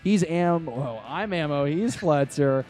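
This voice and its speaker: A man's voice: fairly high pitch, animated, slow pace, a little mellow, soft background music. A man hosting a podcast, rambling casually with lots of fillers and some self-deprecating jokes. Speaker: podcast host.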